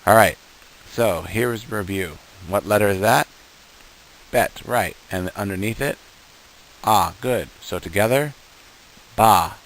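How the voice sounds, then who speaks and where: A man teaching beginners, patient and slow, sounding out each syllable and repeating words for the learner to copy. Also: on the low side, gravelly, poor audio. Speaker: Hebrew teacher. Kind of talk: beginner language lesson.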